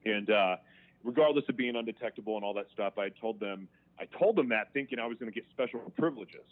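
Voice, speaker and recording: Frank man on a tinny line. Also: on the low side. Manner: frank, emotional, halting with restarts. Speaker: interview guest. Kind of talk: candid personal storytelling. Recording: tinny phone-line sound.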